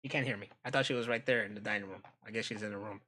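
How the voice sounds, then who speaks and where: A man hosting a live stream, chatting casually with viewers in a joking, profane, animated way. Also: on the low side, very fast. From United States.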